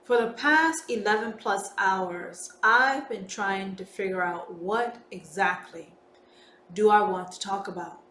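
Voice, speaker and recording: A woman hosting a solo podcast monologue, talking in an emphatic, deliberate way and swearing freely. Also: medium pitch, sharp tone. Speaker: podcast host. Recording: roomy with faint background noise.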